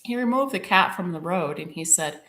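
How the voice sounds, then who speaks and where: Woman, podcast host, personal story, emotional, bright tone, lowish pitch. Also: normal speed, echoey room. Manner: emotional, animated retelling with quoted dialogue.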